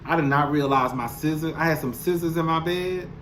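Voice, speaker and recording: A young man delivers a casual recap straight to camera, sassy, blunt and freely profane. His voice sits a little high and sounds bright and forceful, with a faint hiss of room noise underneath. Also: a little fast, rough recording. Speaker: show recap commentator. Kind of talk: casual reality-TV recap monologue. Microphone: camera mic, speaking to camera.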